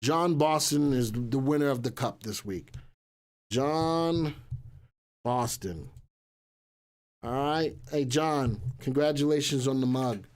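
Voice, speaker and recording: A man hosts a live market show in a loose, chatty way, joking with his crew and drifting between asides and plugs. His voice sits at an ordinary middle pitch for a man, neither high nor low. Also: slow, pauses often, a little mellow. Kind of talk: casual live-stream chat.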